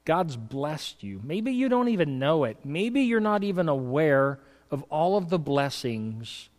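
A man preaching a sermon, moving between a loud reading of scripture and soft, hushed asides, and telling folksy stories in a conversational way. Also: on the high side, big pitch swings, measured pace, long reverb tail. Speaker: pastor. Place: church hall.

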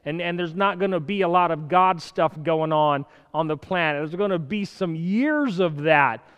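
A man preaching a sermon in an animated way, swinging from loud, urgent bursts to quiet asides, with the odd chuckle. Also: a little high, moderate pace, clear, resonant tone, long reverb tail.

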